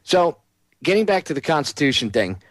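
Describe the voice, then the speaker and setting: A man's voice: fairly high pitch, big pitch swings, fairly quick, no echo. A man hosting a talk radio show, delivering a heated, sarcastic monologue.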